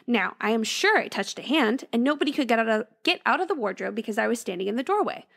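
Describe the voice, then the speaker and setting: A woman's voice: lively intonation, fast, vocal fry, a bit bright. A woman co-hosting a podcast, casually retelling a ghost story and lifting her voice for the quoted lines. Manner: reads story aloud, voices quoted lines with raised pitch. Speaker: podcast co-host.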